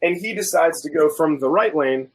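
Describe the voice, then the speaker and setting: A man guest on a chat show, telling a story in a casual, animated way and acting out the quoted people. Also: fairly high pitch, moderate pace, breathy edge, poor audio. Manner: animated, acts out both sides of quoted dialogue. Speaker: guest food reviewer.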